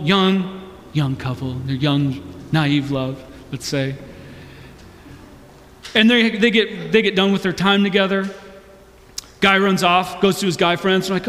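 Male pastor, high-pitched, chatty sermon with emphatic peaks, recorded with long hall reverb. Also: measured pace, long pauses, a bit bright, a little hiss or hum. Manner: conversational, with restarts and rising to emphatic calls.

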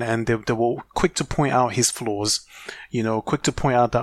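A man's voice: mid-range voice, steady tone, moderate pace. A man co-hosting a casual football podcast, heated and opinionated, with lots of fillers and restarts. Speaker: podcast co-host.

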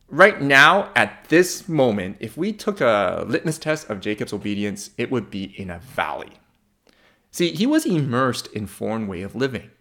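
Male preacher, animated pitch, conversational, humorous, rhetorical questions. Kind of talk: sermon.

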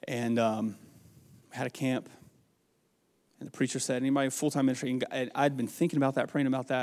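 A man's voice: mid-range voice, level tone, fairly quick, long pauses, a little mellow, long reverb tail. A man from the American South, preaching a farewell sermon in a church with an earnest, rambling, folksy storytelling manner. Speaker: pastor. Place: church sanctuary.

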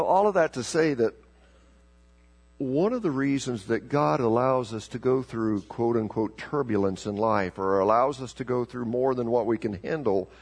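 A man preaching a sermon, telling a story with sharp emphatic rises and slowing to a low, deliberate voice for scripture. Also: gravelly, breathy edge. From South America. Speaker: pastor.

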